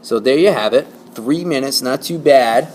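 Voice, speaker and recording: A man's voice: mid-range voice, normal speed, darkish tone, slight background noise. A man teaching a Spanish lesson to his class, explaining patiently and checking in with "okay?" and "right?".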